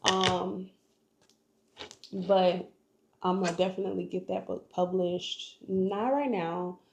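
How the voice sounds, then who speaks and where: A woman's voice: fairly low pitch, fairly even intonation, slow, gravelly, a little hiss or hum. A young woman vlogger telling her life story in an earnest, emotional, faith-filled way. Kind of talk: personal storytelling vlog. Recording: echoey room.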